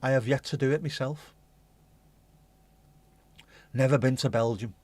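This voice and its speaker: A man's voice: medium pitch, a little slow, a little mellow, dry recording. A man hosting a casual livestream, rambling and chatty, swearing casually and humming little tunes. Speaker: livestream host.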